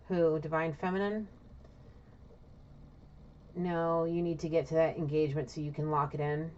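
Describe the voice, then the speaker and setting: Low-voiced woman giving a blunt psychic reading. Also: level tone, normal speed, long pauses, darkish tone, a little hiss or hum. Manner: talks to spirit aloud, asking and answering her own questions; blunt, swears casually. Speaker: intuitive reader. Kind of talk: casual solo psychic reading. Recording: dull lo-fi recording.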